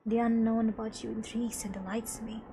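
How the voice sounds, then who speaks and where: A woman voicing a gentle, wistful elderly man, reading his lines slowly and softly. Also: fairly high pitch, little pitch movement, natural voice. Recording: game music playing underneath.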